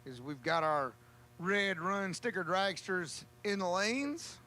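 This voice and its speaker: A man calling a drag race, with a joking, folksy manner and drawn-out calls. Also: high voice, lively intonation, pushed and bright. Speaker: race announcer. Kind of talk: drag racing commentary.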